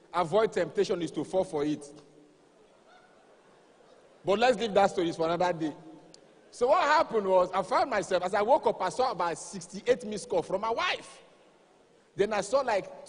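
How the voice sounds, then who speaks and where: A Nigerian man doing stand-up, his voice high and slightly husky. He tells stories with animation and acts out the dialogue. The sound carries the long reverb of a live hall. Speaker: stand-up comedian. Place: live comedy stage.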